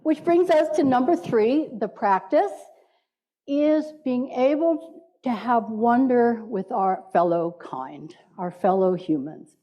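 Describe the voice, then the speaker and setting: A woman's voice: a little high, expressive, takes it slowly, muffled recording. A woman minister giving a playful sermon in a church, inviting the congregation to repeat words with her. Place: church sanctuary.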